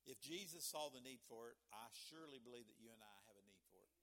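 A man's voice: medium pitch, expressive, fast talker, gravelly, a bit bright. A man preaching a sermon as pastor, talking in a conversational way and often restarting his sentences.

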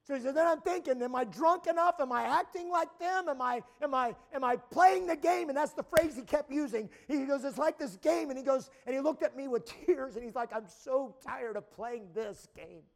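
High-pitched guy preaching at a camp meeting, keeps restarting words, gets loud and shouty. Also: a little fast, creaky, few pauses. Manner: repetitive stammering restarts, builds to shouting. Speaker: pastor. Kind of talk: sermon.

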